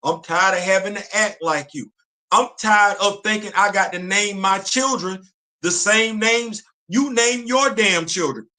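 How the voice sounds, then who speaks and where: A man's voice: sits high, unhurried, bright, forceful tone. A man hosting a live show, giving an impassioned commentary full of slang, repetition and rhetorical questions. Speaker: host. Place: home studio on a live stream.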